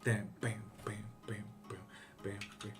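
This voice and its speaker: A man's voice: lowish voice, level tone, unhurried, soft background music. A man hosting a casual livestream tarot reading who reads viewers' questions aloud and answers them bluntly, swearing freely.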